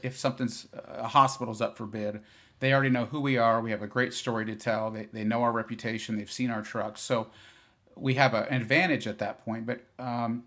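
A man, a business founder from Iowa, talking as a podcast guest in a relaxed, rambling way with many fillers and restarts. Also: mid-range voice, fairly quick. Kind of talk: podcast interview.

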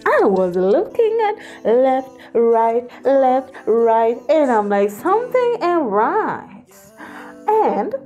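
A woman's voice: medium pitch, darkish tone. A woman hosting a celebrity gossip vlog, sassy and teasing, often saying honey.

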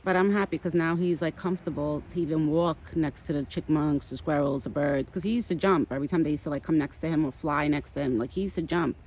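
A woman's voice: low-pitched, fast talker, few pauses, a little mellow. A woman casually chatting while filming her pet deer in the backyard, affectionate and full of "like"s. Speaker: vlogger caring for a pet deer. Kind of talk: casual outdoor vlog chat. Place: outdoors in a backyard.

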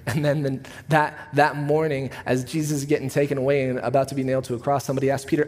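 A man who is a pastor, preaching a sermon in a church auditorium. He talks in a relaxed, conversational way, telling stories with a joking edge. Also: mid-range voice, fast, hardly any pauses. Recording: long reverb of a church hall.

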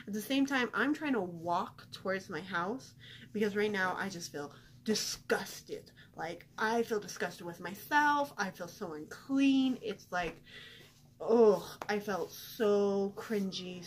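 A woman's voice: medium pitch, lively intonation, slow, a little hiss or hum. A young woman vlogger telling a personal story in casual chat, chatty and self-deprecating with lots of fillers.

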